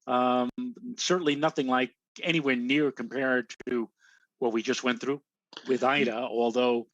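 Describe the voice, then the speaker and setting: A man's voice: medium pitch, fairly even intonation, a little slow, a bit bright, no room sound. A man co-hosting a casual weather show, chatting loosely with plenty of fillers. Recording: dry, dull lo-fi audio.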